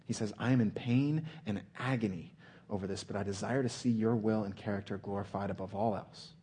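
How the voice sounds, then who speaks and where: A man preaching a sermon, earnest, often slowing and dropping to a hush for emphasis. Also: fairly low pitch, slightly rough.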